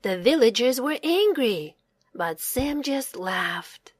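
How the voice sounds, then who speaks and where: A woman reading a children's storybook aloud. Her voice is fairly high and very lively in pitch, with an unhurried pace. The recording is close and dry. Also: no echo. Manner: slow, expressive read-aloud.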